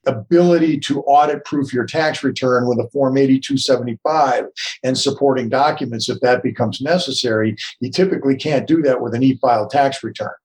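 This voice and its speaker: A man's voice: medium pitch, fairly quick, a little mellow, poor audio. Man explaining tax rules as a guest. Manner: earnest, explains step by step. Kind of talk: explanatory interview talk.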